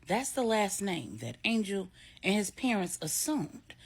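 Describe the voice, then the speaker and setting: A woman's voice: mid-range voice, very animated, a little slow, husky, full character voice. A woman voicing a matter-of-fact woman explaining family history, in a storybook reading.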